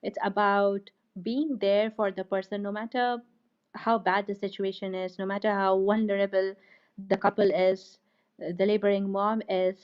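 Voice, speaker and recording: A woman guest in an online interview, speaking earnestly with halting fillers. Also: medium pitch, little pitch movement, clear, resonant tone. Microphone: video call. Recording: dull video call audio.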